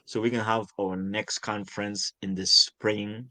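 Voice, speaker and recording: In a dry recording, an older urban farmer from Guyana speaks at a moderate pace in a lowish, sharp voice with little pitch movement. As an interview guest in a conversational exchange, he's passionate and emphatic, frequently repeating words for stress.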